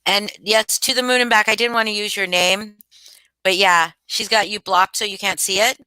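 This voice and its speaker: Casting note: middle-aged woman, livestream host, bright forceful voice, smooth and crisp, casual chat with frequent restarts. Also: mid-range voice, fairly even intonation, moderate pace, dry recording, rough recording. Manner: chatty, reads and answers chat, many restarts.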